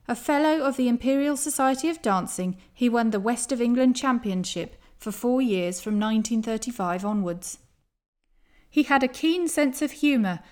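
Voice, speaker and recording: A woman reading a first-person memoir aloud in a measured, careful way. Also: fairly high pitch, darkish tone.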